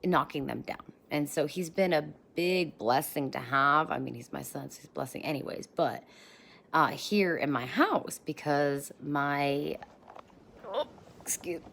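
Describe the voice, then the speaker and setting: Holding her phone, a vlogger in her thirties chats bubbly and encouragingly to camera in a casual motivational style, wandering off on tangents. Her low-sitting voice is expressive and fairly bright, with vocal fry and a measured pace.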